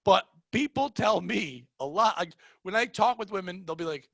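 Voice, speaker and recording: A man's voice: high-pitched, normal speed, vocal fry, no echo. A young adult man in casual podcast chat, rambling and swearing as he tells stories. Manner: swearing, rambling, animated storytelling.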